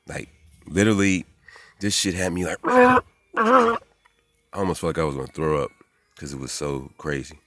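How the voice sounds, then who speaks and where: A man in his forties, rambling excitedly and profanely in a casual monologue, jumping into high voices when he quotes people. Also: moderate pace, long pauses, dry recording. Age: 40s. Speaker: spiritual vlogger.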